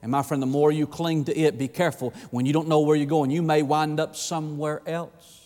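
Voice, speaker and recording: Male pastor, fervent sermon, urgent then hushed, slightly high voice, long church-hall reverb. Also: fairly even intonation. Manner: impassioned preaching, swinging between urgent bursts and slow hushed emphasis.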